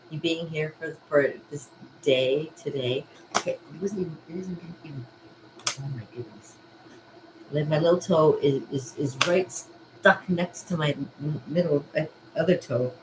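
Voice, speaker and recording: A woman's voice: low voice, noisy background. A middle-aged woman chatting casually to her viewers, rambling and laughing often. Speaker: vlogger and art party host. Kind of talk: casual rambling chat to camera.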